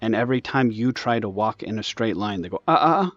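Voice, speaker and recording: A man ranting in an exasperated, animated way over gameplay, with sudden loud bursts. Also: on the low side, fairly quick, no room sound, highs cut off, faint music behind. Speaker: gaming video host.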